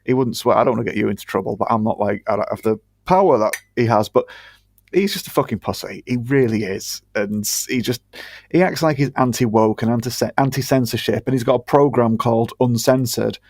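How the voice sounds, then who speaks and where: A man's voice: medium pitch, fairly quick, vocal fry, darkish tone, no echo. Sweary british guy on a podcast, blunt and sarcastic, dry mic. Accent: British English. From Britain. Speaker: podcast co-host. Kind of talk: casual chat.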